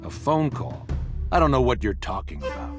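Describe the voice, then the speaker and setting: A man's voice: medium pitch, wildly swooping pitch, normal speed, creaky, over music. An actor playing a haughty male politician who answers curtly and dismissively. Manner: curt, dismissive.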